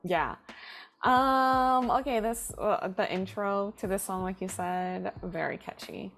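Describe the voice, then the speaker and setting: A woman's voice: medium pitch, a bit bright, soft background music. A young woman co-hosting a casual reaction chat, agreeable and chiming in often. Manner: agreeable, slow and drawn-out, lots of backchannel. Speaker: reaction channel co-host.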